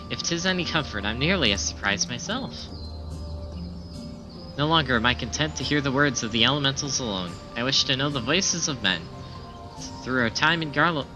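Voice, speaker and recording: An earnest young horned leader of a forest people speaks in formal, old-fashioned phrases, as a man reads him aloud. The voice sits in a middle pitch and moves lively up and down. Clear game music plays behind. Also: natural voice, low-quality recording.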